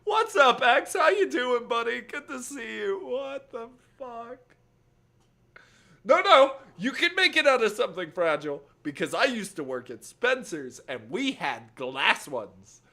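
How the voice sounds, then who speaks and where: A young man streams a game and chats casually, cursing and breaking into laughter. His voice is very high and bright. He talks slowly, with a lively, swinging pitch. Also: creaky. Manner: profane, excitable, laughs often. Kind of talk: casual gaming stream chat.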